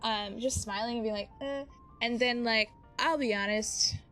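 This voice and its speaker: A woman's voice: on the high side, steady tone, moderate pace, a bit bright. A woman in her thirties, a mom and live streamer, chatting casually and bubbly while she plays a video game, with lots of fillers and laughs. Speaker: Twitch streamer. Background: game music.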